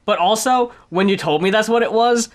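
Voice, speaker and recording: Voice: mid-range voice, a little fast. A co-host of a casual album review podcast, laid-back and joking dryly.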